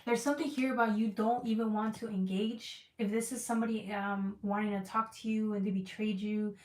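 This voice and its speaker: A woman's voice: medium pitch, little pitch movement, fairly quick, recorded from a distance. Female tarot reader, earnest and repetitive, recorded in an echoey room off-mic. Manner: emotional, repetitive, searching for words. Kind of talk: casual tarot reading.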